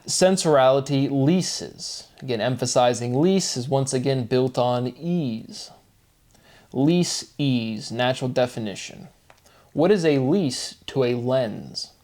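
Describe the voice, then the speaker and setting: Man slowly musing on word forms. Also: medium pitch, animated, darkish tone. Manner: slow, questioning, breaks into laughter. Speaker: solo video host.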